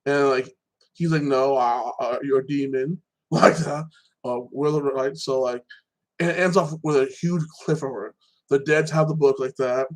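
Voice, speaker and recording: Rambling through TV episode recaps on his casual podcast, this host frequently restarts and tags "like that" onto his phrases. He speaks at a normal speed in a steady, medium-pitched voice, and the audio is poor.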